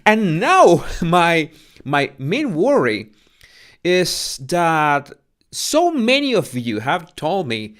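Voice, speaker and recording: Latino spanish-accented guy rambling on his channel, smooth voice, stutters n restarts a lot, careful with his words. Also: fairly high pitch, wildly swooping pitch, extremely slow, a bit bright. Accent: Latin American Spanish. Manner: careful with pronunciation. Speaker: channel host. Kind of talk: casual rambling live chat.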